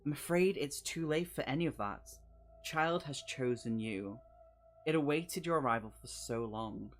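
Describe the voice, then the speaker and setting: Man reading grim mysterious stranger, slow and measured, mid pitch, horror gamebook. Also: soft background music, natural voice.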